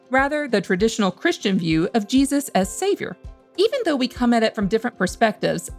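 A woman podcast host speaks in a measured, thoughtful way from a prepared script. Soft music plays faintly underneath her voice. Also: a little high. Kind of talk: scripted reflective commentary.

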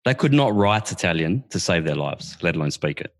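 A man's voice: low-pitched, sing-song, brisk. A man in a casual chat, blunt and opinionated. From Australia.

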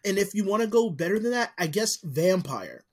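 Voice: mid-range voice, lively intonation, normal speed, breathy edge. A podcast co-host chatting casually, cursing and jumping in with asides. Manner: casual, swears, jumps in with asides.

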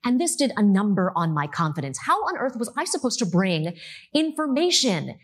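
Husky, animated woman telling a story. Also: mid-range voice, normal speed. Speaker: speaker giving a talk. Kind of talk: storytelling talk to an audience.

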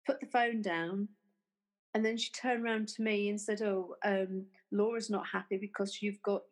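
A woman, telling a story in casual conversation. She acts out the quoted back-and-forth of an argument, talking haltingly, with fillers and restarts. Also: mid-range voice, poor audio. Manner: retells arguments by acting out quoted dialogue.

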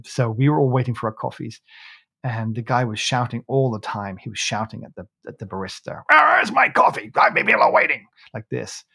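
A man's voice: lowish voice, slightly rough, no room sound, studio quality. A man hosting a coffee podcast, telling a long anecdote in a loose, rambling way with frequent restarts. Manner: rambling, many restarts, laughs while telling. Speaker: podcast host. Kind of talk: casual chat, storytelling.

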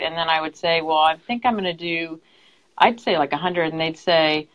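A woman speaks in a lowish voice about her private therapy practice. She talks earnestly and haltingly, with plenty of fillers and restarts. Her audio sounds dull and lo-fi, as if it came from a remote call. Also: a bit bright. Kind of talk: casual interview chat.

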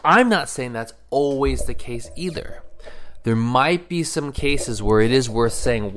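A middle-aged man speaking earnestly about marriage, thinking aloud with fillers and pauses. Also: medium pitch, expressive, a bit bright. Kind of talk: reflective personal talk.

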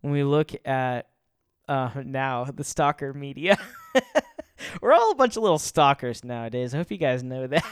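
A man's voice: medium pitch, very animated, measured pace, clean tone, no room sound, clean studio sound. A man giving a casual faith talk. He chuckles often and rambles, restarting his sentences.

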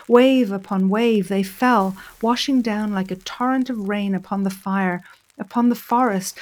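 A woman storyteller narrating a folk tale in an expressive, dramatic way. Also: mid-range voice.

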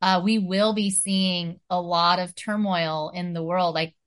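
A woman's voice: lowish voice, fairly even intonation, a little slow. A woman talking earnestly in a casual spiritual chat, full of "you know" and "like".

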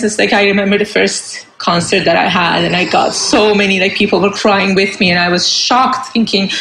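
A woman's voice: medium pitch, gravelly, fairly bright tone, echoey room, slight background noise. A woman in her forties from Iran, a singer speaking earnestly in a casual interview with many fillers and restarts. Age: 40s. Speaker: guest singer. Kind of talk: casual conversation.

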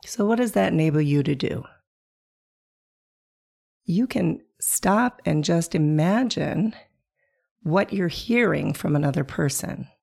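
A woman hosting a reflective solo podcast, calm and coaching, sounding hoarse from a chest virus. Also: fairly low pitch. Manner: calm, coaching, asks the listener questions. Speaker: podcast host.

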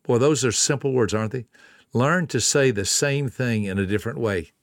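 A middle-aged man, giving a folksy motivational talk. He tells stories, repeats words for emphasis and drops into soft, low tones. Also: normal speed, dry recording, studio quality. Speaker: speaker on a self-help talk.

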